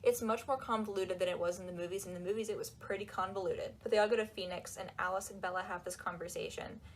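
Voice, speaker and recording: A woman talking in a casual, animated and sarcastic way, with lots of "like"s, while she folds laundry. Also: medium pitch, quick pace, slight background noise. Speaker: book reviewer. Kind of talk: casual chat.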